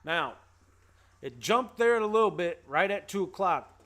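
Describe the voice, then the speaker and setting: This is a man with a fairly high voice who hosts a casual trading livestream. He keeps an upbeat, playful tone and drops slangy banter and rhymes as he greets viewers by name. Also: sing-song, measured pace, a bit bright. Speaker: host.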